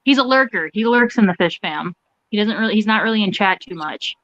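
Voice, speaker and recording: A woman's voice: medium pitch, a little fast, noisy background. A young woman co-hosting a livestream, chatty and giggly, telling stories in casual chat. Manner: chatty and giggly, animated storytelling. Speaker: co-host. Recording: dry, dull lo-fi mic.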